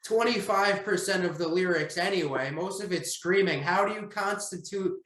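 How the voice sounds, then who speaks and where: A man's voice: high-pitched, moderate pace, fairly bright tone, echoey room, poor audio. A man hosting a podcast interview, asking questions in a laid-back way with casual swearing and frequent laughs. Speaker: podcast host.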